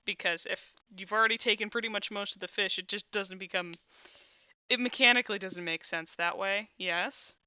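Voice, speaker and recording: A woman's voice: mid-range voice, fairly even intonation, moderate pace, pushed and bright, clean tone, dry recording. A woman acting as game master, describing scenes and making rulings with frequent hesitations. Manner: hesitant fillers while narrating. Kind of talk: narrating a tabletop game. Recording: dull lo-fi mic.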